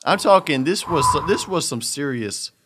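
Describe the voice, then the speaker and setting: A man telling a long story in casual chat, animated and laughing often as he acts out the voices of the people in it. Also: on the high side, normal speed, background noise. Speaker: podcast host telling a story.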